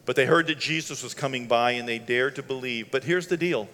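A man preaching a sermon at a mid pitch, casual and conversational, with chuckles between phrases, then climbing to loud, fervent passages. His voice trails off into a long echo, like sound carried through a large hall. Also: brisk. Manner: conversational, laughs between lines, rises to loud shouting passages. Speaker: pastor.

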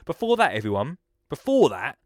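A man hosting a casual podcast, excitable and jokey, rambling with restarts. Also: medium pitch, moderate pace, no echo, studio quality. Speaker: podcast host.

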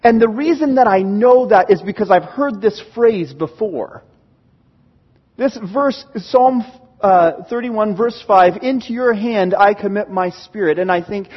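Speaking at a measured pace, a male pastor tells stories from the pulpit in a high, somewhat husky voice, bringing his exclamations to life with animation. The church sanctuary recording sounds dull and lo-fi, with a long hall echo lingering after every phrase.

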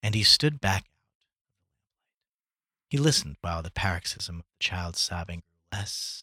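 A man's voice: low voice, measured pace, pauses often, husky, dry recording, studio quality. A man reading a short story aloud for a podcast, acting out the dialogue with feeling. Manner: expressive, voices the dialogue dramatically. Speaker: podcast reader.

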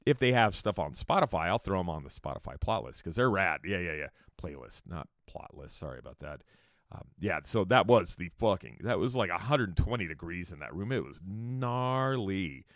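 Casting note: a man with a low, very lively voice, a rambling storyteller full of cursing and asides, dry close sound. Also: brisk, no echo. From California. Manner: profane, rambling, joking asides. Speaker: musician telling tour stories. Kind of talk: casual storytelling monologue.

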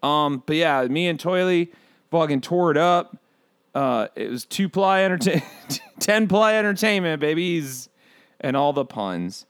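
A man playing a brash, excitable bird who hosts a comedy podcast, rambling through profane, pun-filled stories. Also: fairly high pitch, a little slow, clear, resonant tone, no room sound, studio quality. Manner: rambling, profane, punning, riffs on asides. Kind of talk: comedic character monologue.

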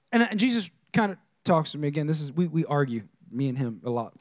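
A man preaching a sermon as a pastor, conversational and animated, who repeats phrases and throws questions at the congregation. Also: fairly high pitch, fast talker, few pauses, no room sound.

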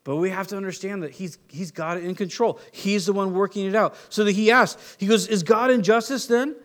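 A man's voice: high-pitched, fairly even intonation, a little fast, fairly bright tone. A man preaching a sermon, teaching conversationally with rhetorical questions and restarts. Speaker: pastor.

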